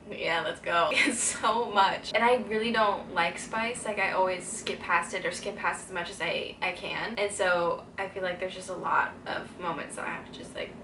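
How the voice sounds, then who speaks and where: A woman's voice: mid-range voice, fairly even intonation, moderate pace, few pauses, roomy sound, background noise. A young woman chatting casually to camera in a reading vlog, giggly and full of "like" fillers. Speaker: reading vlogger. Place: indoors during a stay abroad.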